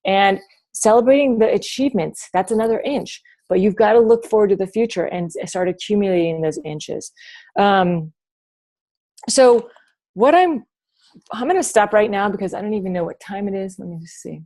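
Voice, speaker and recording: A woman's voice: mid-range voice, lively intonation, moderate pace, dark tone. A woman coaching her team over a video call from home, chatty and rambling with many restarts. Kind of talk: motivational team talk.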